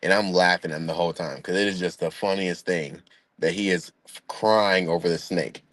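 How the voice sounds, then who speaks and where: A man's voice: low voice, steady tone, moderate pace, a bit bright, dry recording. A young man telling a funny family story in a laid-back, rambling way, with chuckles. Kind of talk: casual storytelling.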